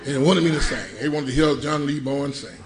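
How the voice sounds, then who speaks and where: Animated folksy male preacher. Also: on the high side, quick pace, echoey room, crowd noise. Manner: animated, folksy, loud bursts. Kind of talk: sermon with comic storytelling. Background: congregation laughing.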